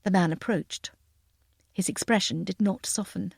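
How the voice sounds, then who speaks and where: A woman narrating a novel in the first person, in a wry, lively storytelling manner. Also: mid-range voice, normal speed, creaky, slightly rough, dry recording, studio quality. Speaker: audiobook narrator.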